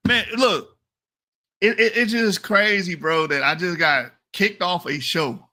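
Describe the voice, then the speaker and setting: High, bright-voiced man ranting profanely. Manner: profane, combative, repeats himself for emphasis; laughs at his own jokes. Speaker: online commentator. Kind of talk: heated casual commentary rant. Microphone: talking into a mic.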